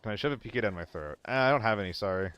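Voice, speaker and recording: A man's voice: lowish voice, rapid-fire, clean tone, lo-fi sound. A young man streaming a shooter game alone, chatting and swearing casually to his viewers while he plays. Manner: chatty, swearing, talks to chat; banters with viewers, jumps between topics. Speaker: gaming streamer. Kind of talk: casual live-stream commentary.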